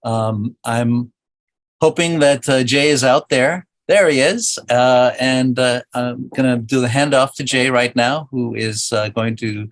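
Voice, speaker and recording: A man's voice: medium pitch, a little slow, dry recording. A man moderating an online talk, thanking the speaker appreciatively and handing off to the next speaker.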